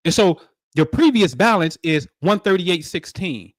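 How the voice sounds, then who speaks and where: High-voiced man preaching in slang. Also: a little slow, dry recording, clean studio sound. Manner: animated, preachy, streetwise slang with profanity. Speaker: livestream host. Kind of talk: spiritual livestream talk.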